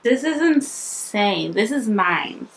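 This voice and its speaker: A woman vlogging with breathless excitement, repeating herself as she talks. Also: a little high, slow pace, creaky, breathy edge, poor audio. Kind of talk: casual vlog.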